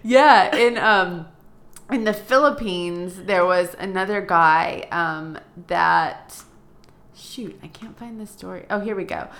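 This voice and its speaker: A woman co-hosting a casual comedy chat, telling a story in an animated, mocking way and swearing freely. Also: fairly low pitch, slow. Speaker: podcast co-host.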